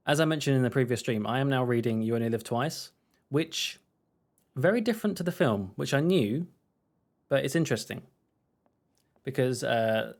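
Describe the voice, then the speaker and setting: A man's voice: medium pitch, a little mellow. A man casually chatting and rambling while streaming a game. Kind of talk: casual let's-play commentary.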